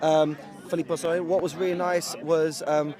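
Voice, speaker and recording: A man giving measured, analytical color commentary at a live match, with dry jokes. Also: on the high side, level tone. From England. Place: outdoor tournament sideline. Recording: outdoor crowd noise behind.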